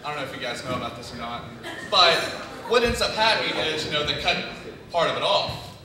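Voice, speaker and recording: A young Tennessee man gets through his first stand-up set at a comedy club, nervous and rambling, with "you know" everywhere. His voice is fairly high, expressive and fairly quick, heard from a distance in an echoey, noisy room as the crowd laughs.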